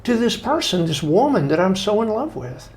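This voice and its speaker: Speaking in a high voice at ordinary speed, a middle-aged man appears as a guest author, chatting through folksy anecdotes. He animates them by imitating the people he quotes.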